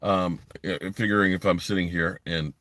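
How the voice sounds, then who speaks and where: A man's voice: low-pitched, steady tone, normal speed, a bit bright, no room sound. A man hosting a sports podcast live stream from a parked driveway, talking bluntly and rambling while reading comments from his chat.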